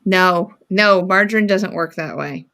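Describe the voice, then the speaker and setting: Woman, casual chat guest, easygoing, gravelly fry in the voice. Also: on the low side, sharp tone. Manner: easygoing, quick back-channel replies. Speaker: guest in a sewing circle chat.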